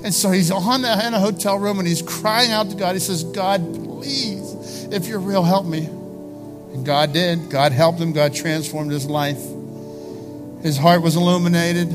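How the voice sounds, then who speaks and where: A man's voice: high voice, fairly even intonation, moderate pace, over music. A male pastor preaching a sermon, impassioned, rising to pleading peaks.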